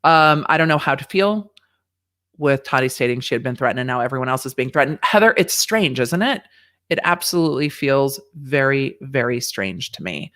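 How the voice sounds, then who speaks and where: A woman's voice: extremely low pitch, lively intonation, moderate pace, a bit bright. A woman lawyer giving casual, candid livestream commentary on a court hearing, reading viewer questions aloud and swearing freely. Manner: candid, profane, reads chat questions aloud.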